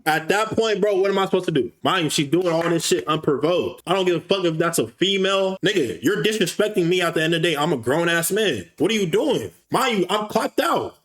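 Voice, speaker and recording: A young man telling a storytime rant in casual, slangy speech, animated and frustrated, swearing often. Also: high-pitched, brisk, hardly any pauses.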